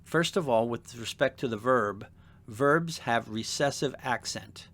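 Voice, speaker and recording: Measured male seminary lecturer. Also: medium pitch, fairly bright tone. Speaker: seminary instructor. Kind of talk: scripted lecture narration.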